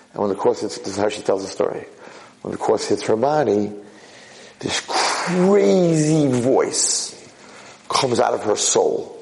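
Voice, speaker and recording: A man giving a lecture as a lively story, repeating himself and jumping sharply higher in pitch for emphasis. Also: gravelly, background noise. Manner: animated, leaps high in pitch for emphasis. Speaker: Jewish lecturer.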